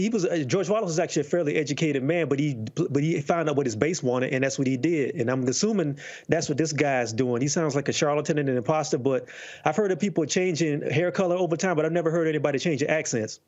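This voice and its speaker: A man's voice: a little high, a little mellow, muffled recording. A man on a political panel, talking in a conversational, amused way. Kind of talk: casual political commentary.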